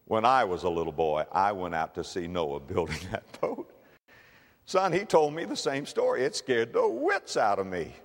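A rueful father, voiced by a male preacher, dropping low and going soft and halting as he talks to his son. The room answers with a long, echoing reverb. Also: sing-song. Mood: gentle, rueful. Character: rueful father in Noah's time.

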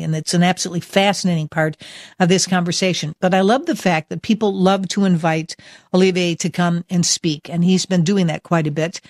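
A woman's voice: fairly low pitch, darkish tone, no echo, clean studio sound. A woman hosting a talk radio show, speaking emphatically and with enthusiasm as she introduces a guest. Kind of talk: talk radio monologue and interview.

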